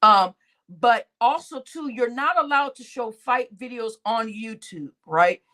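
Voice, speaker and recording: High-voiced woman streamer, slow talker. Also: expressive, pushed and bright. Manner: laughs constantly, crude slang, talks to chat. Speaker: live-stream host. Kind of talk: casual live-stream commentary.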